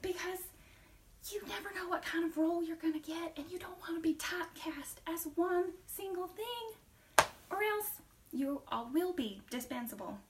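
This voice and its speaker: A woman's voice: extremely high pitch, animated, recorded from a distance, slight background noise. A woman playing a self-assured acting coach with a put-on Southern accent, listing advice in an emphatic way with sudden whispered asides in a class skit. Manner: brisk, listy, emphatic with sudden drops to a whisper. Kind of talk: comedic skit interview.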